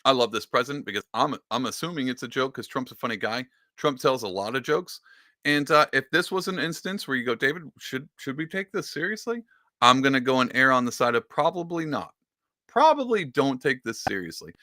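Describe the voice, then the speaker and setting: Animated joking male livestream host. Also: medium pitch, fairly quick, dry recording, clean studio sound. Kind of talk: casual comedic political rant.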